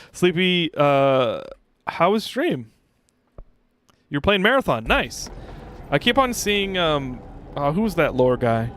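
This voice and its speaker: A young man streaming a video game, reacting loudly and chatting with his viewers. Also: on the high side, slow, pauses often, a little hiss or hum. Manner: excitable, shouts exclamations, chats to viewers. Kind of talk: casual gameplay streaming with chat. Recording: game music playing behind.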